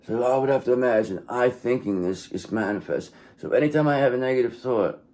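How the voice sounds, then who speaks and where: Brief: a low, gravelly man reading tarot, blunt and sweary, with lots of up and down in his voice. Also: darkish tone. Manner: blunt, profane and repetitive, often says okay. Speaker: tarot reader. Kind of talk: casual tarot reading monologue.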